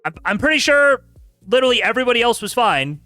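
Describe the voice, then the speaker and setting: A male streamer picks apart chat logs with sarcastic disbelief and plenty of laughter. His voice is bright and lively, and it swings widely in pitch. The room sounds dry and close. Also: fast talker, no echo, soft background music. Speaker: streamer host. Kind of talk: casual commentary reading chat logs aloud.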